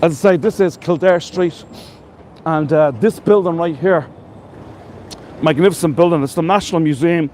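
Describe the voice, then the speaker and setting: A man's voice: fairly high pitch, moderate pace, long pauses, darkish tone. An Irish man leading a live walking tour through city streets, chatty and enthusiastic, heaping praise on the buildings he shows. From Ireland. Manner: enthusiastic, chatty, full of superlatives. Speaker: tour guide. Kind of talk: live walking tour with viewer shout-outs. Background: faint street and traffic noise.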